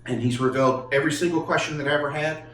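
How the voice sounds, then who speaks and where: A man, earnestly telling a personal story with halting restarts. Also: a little high, steady tone, a bit bright, a little hiss or hum. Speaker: podcast guest telling his testimony. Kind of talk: casual storytelling. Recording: echoey room, mic far off.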